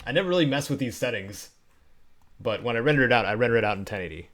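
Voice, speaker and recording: A man's voice: mid-range voice, animated, fast talker, a bit bright. A man live-streaming, chatting casually and laughing often as he talks to viewers while editing. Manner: chatty, giggly, talks to chat while working.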